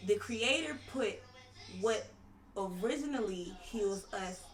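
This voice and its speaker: A woman explaining her ideas in a relaxed podcast chat, sure of herself and full of loose slang. Her voice sits at an ordinary pitch. The recording is roomy and she sounds a little back from the mic. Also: slow, far from the mic. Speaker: guest, tantric sex coach. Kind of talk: casual podcast conversation.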